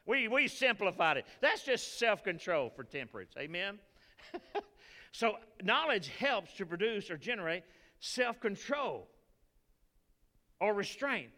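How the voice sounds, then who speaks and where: A man with a Texan accent preaching a sermon as pastor, folksy and animated, telling stories to the congregation. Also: high voice, a little slow, long pauses, big-room sound. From Texas.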